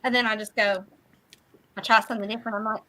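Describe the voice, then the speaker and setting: Woman, Southern accent, high-pitched, crisp bright tone, joking, casual co-host chat. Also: level tone, fast, poor audio. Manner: joking, playful.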